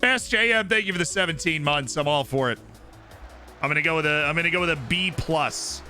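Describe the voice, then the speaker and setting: A man on a live stream calls the action of a football management game like a broadcaster, his voice sitting a bit high. He slips into shouted commentary when a goal goes in. Game music plays clearly behind him. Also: fairly quick. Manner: mimics match commentary, bursting into shouts at goals.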